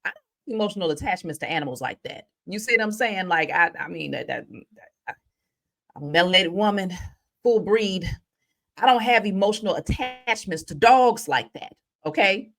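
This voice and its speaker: A woman hosting a casual spiritual vlog, telling stories in an animated, chatty way. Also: medium pitch, moderate pace, creaky. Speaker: spiritual reader.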